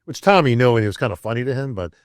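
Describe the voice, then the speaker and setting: Racing along in a mid-range voice, an older man from upstate New York shares casual stories as a podcast guest. Animated throughout, he acts out quotes and tosses in "bro" and "right?" The studio-quality recording is dry.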